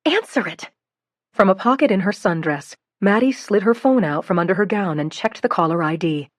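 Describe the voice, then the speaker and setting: A woman reading a novel aloud as an audiobook narrator, in an expressive, steady storytelling way. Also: mid-range voice, fairly quick, no echo, studio quality. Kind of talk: scripted narration.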